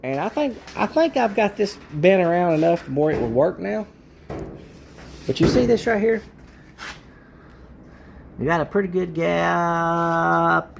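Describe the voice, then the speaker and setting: A man's voice: high voice, animated, a little slow, gravelly, long pauses, slight background noise. A man, a car restorer, ranting in a frustrated way about bad parts in his garage workshop.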